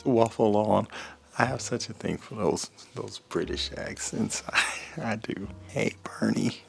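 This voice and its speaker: Deep gravelly-voiced man hosting a book channel. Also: unhurried, soft background music. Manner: relaxed, drifting soft and quiet at times. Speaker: booktube host. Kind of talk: casual chat reading viewer comments.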